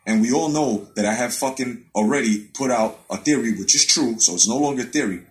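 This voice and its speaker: A man's voice: mid-range voice, fairly quick, low-quality recording. Profane, heated man ranting about boxing. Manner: heated, swears constantly, repeats points. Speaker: boxing commentary host. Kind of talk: profane live-stream rant. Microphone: live-stream webcam mic.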